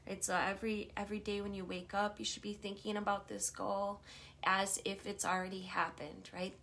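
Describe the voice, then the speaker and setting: A woman coaching listeners through self-talk and affirmations in a gentle, reflective way, often checking in with "right?". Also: mid-range voice, gravelly, a little hiss or hum. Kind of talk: guided self-help talk.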